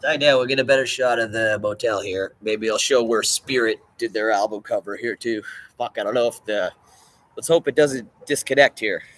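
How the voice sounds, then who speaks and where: A man's voice: fairly low pitch, normal speed, a bit bright. A man live-streaming from a phone in a motel parking lot in light rain, talking in a rambling, profane, chatty way. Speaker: vlogger. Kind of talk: live-streamed walking vlog.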